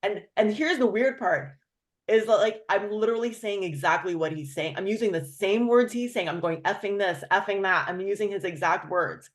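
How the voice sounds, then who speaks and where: A woman hosting a casual chat, telling a story with lively, acted-out quotes of other people. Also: mid-range voice, moderate pace. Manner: animated storyteller, acts out quoted voices. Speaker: host.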